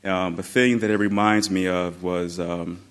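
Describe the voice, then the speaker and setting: Man telling a lively family story. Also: low voice, unhurried. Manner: animated, laughing, acts out quoted voices. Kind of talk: personal storytelling.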